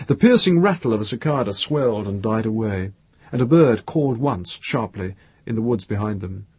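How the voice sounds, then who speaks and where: A man reads fiction aloud as the audiobook narrator, in slow, measured narration. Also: fairly low pitch, animated, a little mellow, slightly rough, dry recording. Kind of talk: scripted narration.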